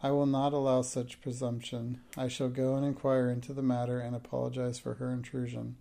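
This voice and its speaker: A man's voice: mid-range voice, monotone, a little fast, vocal fry, mellow, lightly acted. A man voicing a stern, rigidly polite woman headmistress who speaks coldly and formally. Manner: cold, formal and indignant.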